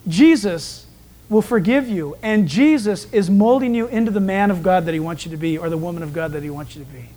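Man, pastor, verse-by-verse sermon, animated and emphatic, high-pitched voice. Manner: animated, emphatic storytelling that acts out quoted voices. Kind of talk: expository sermon.

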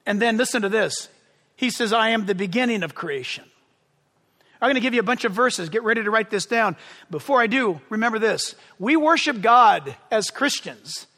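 Guy preaching all fired up, yelling w excitement, sharp bright tone, big hall echo. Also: high-pitched, moderate pace. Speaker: pastor. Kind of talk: sermon.

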